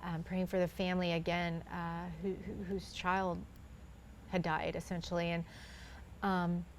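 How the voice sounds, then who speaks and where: A woman's voice: lowish voice, level tone, measured pace, slight background noise. A woman in her thirties, a guest in a conversation, telling a personal faith story earnestly and acting out what others said.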